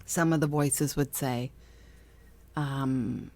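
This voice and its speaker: On her podcast about spiritual self-help, a middle-aged woman talks in a relaxed, chatty way, often laughing and imitating voices she quotes. Her voice is lowish and she takes her time, and the recording is dry.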